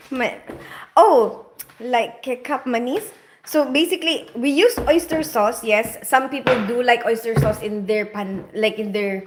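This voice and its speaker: A woman's voice: fairly high pitch, slight background noise. A woman from the Philippines hosting a casual live cooking stream, chatting in a rambling way with many fillers as she cooks. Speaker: livestream cooking host. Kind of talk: casual live cooking chat, reading comments.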